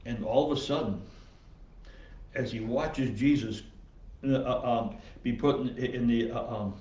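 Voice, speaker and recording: A man's voice: medium pitch, unhurried, a little mellow, echoey room, far from the mic, dull audio. A man preaching a casual sermon as pastor, with many fillers and quotes he acts out. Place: church sanctuary.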